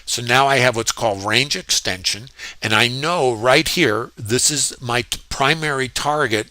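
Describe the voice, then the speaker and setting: Here a male trading instructor reviews his trades over screen-share at a measured pace, his medium voice pushed and bright with no echo. Thoughtful in tone, he leans on fillers and restarts to stress what matters.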